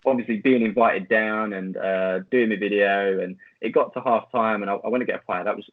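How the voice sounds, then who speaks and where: A man's voice: lowish voice, fairly even intonation, fairly quick, no echo. A man, a podcast guest who tells a story in a rambling way, full of fillers and restarts. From Essex, England. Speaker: podcast guest, football video maker. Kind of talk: casual storytelling chat. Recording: tinny phone-like line, dry.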